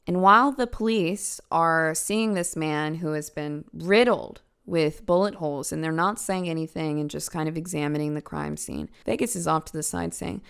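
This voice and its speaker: A woman's voice: deep voice, moderate pace, vocal fry, hardly any pauses, fairly bright tone, clear, resonant tone. A woman hosting a true crime podcast, telling the case in a casual, chatty way with asides to the listener.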